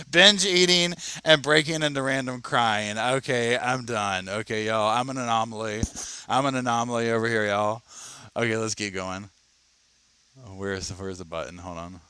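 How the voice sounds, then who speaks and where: A man's voice: mid-range voice, steady tone, normal speed, bright, forceful tone, clear, resonant tone, dry recording. A man hosting a casual livestream, chatting and reading viewer comments as he reacts to a video. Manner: chatty, reads viewer comments aloud, says y'all. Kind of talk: casual live reaction chat.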